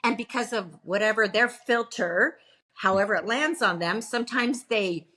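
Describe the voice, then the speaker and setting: A middle-aged woman, a pastor, chatting as a podcast guest and telling animated stories with frequent laughter. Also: mid-range voice, moderate pace. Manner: animated storyteller, laughs often. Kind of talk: casual interview chat.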